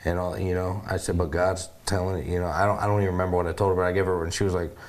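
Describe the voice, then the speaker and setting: An American man co-hosting a faith podcast, telling animated, rambling stories in casual chat and often saying "you know what I mean". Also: sits low, racing. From United States. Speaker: podcast co-host.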